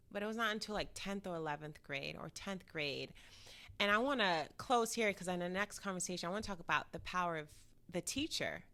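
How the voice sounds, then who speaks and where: A woman's voice: fairly low pitch, bright, forceful tone. A woman hosting a podcast in casual conversation, emphatic and encouraging, with frequent affirming murmurs. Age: adult teacher, several years since first teaching. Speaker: podcast host.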